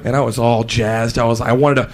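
A man doing a stand-up comedy routine, animated and acting out scenes with silly voices in front of a live audience. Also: medium pitch, a little fast. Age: 19 then, now adult. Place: stage before a live audience. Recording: live club with loud crowd laughter and noise.

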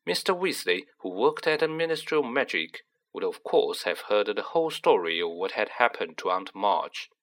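Man, audiobook narration, bright tone, animated delivery. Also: fairly low pitch, normal speed, few pauses. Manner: expressive storytelling. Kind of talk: scripted narration.

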